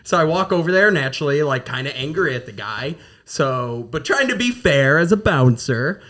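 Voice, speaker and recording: Lively high-voiced man telling bar stories. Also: moderate pace. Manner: animated, laughing, acts out quoted lines. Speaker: podcast co-host and bar bouncer. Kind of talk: casual storytelling chat.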